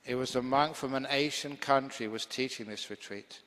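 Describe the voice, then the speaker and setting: Heard through long hall reverb, this male monk teacher laughs readily while delivering a funny, talkative dharma talk built around stories. He speaks at a moderate pace in a mid-range voice with a fairly bright tone.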